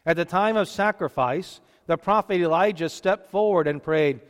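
A man reading scripture and preaching in a church, steady and deliberate, with measured pauses. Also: high voice, clear, resonant tone, long reverb tail.

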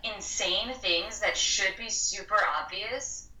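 A woman's voice: mid-range voice, takes it slowly, pushed and bright, reverberant, recorded from a distance, poor audio. A woman on a casual podcast who once worked as a school dean, speaking in a matter-of-fact way and correcting details.

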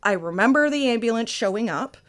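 A woman's voice: on the high side, expressive, fairly quick. A woman chats as a podcast guest. She tells a family story with a storyteller's flow. She laughs often and keeps it casual. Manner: laughs through a vivid childhood story.

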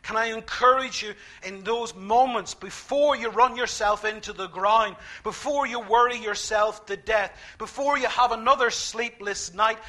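High, bright-voiced preacher man. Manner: emphatic, repeats key phrases, swings from quiet to loud. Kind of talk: sermon.

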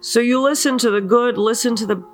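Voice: medium pitch, fairly quick, faint music behind. A spiritual teacher giving an earnest motivational talk, asking many rhetorical questions and often checking in with the listener. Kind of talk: slow motivational spiritual talk leading a mantra.

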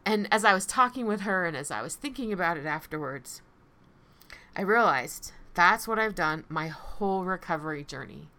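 Woman podcast host and coach, low-pitched, forceful tone, heartfelt reflective solo talk. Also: animated, moderate pace. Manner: earnest, heartfelt, repeats phrases for emphasis. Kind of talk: personal reflective podcast monologue.

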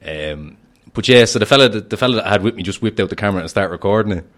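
A man's voice: lowish voice, animated, rapid-fire, fairly bright tone. A young Irish man, a fighter, chatting brashly on a podcast, boastful and laughing often. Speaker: fighter guest. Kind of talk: casual podcast chat.

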